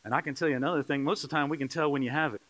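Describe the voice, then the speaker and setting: A man preaching a sermon in church, joking with the congregation and building to loud, rising calls. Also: on the high side, fairly even intonation, racing. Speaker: pastor. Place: church sanctuary.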